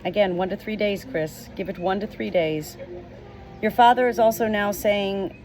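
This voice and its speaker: A middle-aged woman speaking as a spiritual medium, slow and emotional, often repeating words, tearful at times. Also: mid-range voice. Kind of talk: channeled message video. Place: outdoors with roosters nearby. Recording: roosters and outdoor noise behind.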